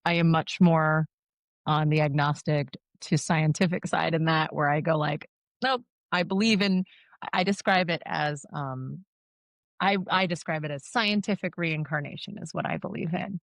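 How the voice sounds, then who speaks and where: A woman's voice: sits low, moderate pace, dry recording. A woman in her thirties, a mortician, talking candidly and laughing often in a casual interview. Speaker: guest, mortician and funeral director.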